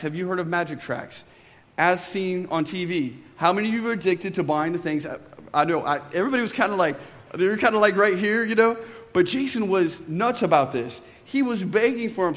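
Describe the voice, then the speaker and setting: A high-pitched man in his thirties preaches to his congregation. His voice rings with a long reverb through a church sanctuary. He reads scripture with dramatic, drawn-out emphasis and swells, and he tells stories in a loose, chatty way with asides to the listeners. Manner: relaxed storytelling with asides to the congregation. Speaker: pastor. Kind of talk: sermon.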